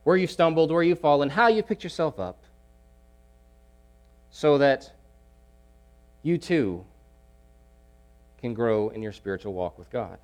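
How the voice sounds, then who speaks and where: A man preaching a sermon, emphatic, repeating key phrases and swinging between loud pushes and hushed asides. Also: medium pitch, lively intonation, a little slow, pauses often.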